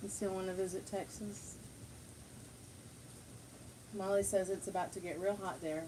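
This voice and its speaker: A woman's voice: mid-range voice, steady tone, normal speed, long pauses, noisy background. A woman hosting a casual livestream chat at home, greeting viewers and rambling with many fillers and restarts. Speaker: livestream host.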